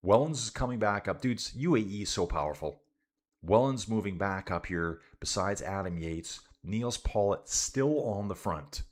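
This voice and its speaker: Casual male streamer from Canada, low voice, easygoing race commentary mixed with chat. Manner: laid-back, says "dude" a lot, chats with viewers. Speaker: cycling livestream commentator.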